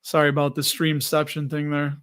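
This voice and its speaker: A man's voice: on the high side, completely flat delivery, fairly quick, fairly bright tone, smooth. An American man hosting a live investing stream, chatting loosely and reading viewer comments aloud. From United States. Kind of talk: casual live-stream chat.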